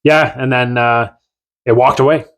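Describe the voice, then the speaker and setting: A man from Newfoundland, a podcast guest, telling a long story in a casual, animated and rambling way with many restarts. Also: medium pitch, moderate pace, background noise.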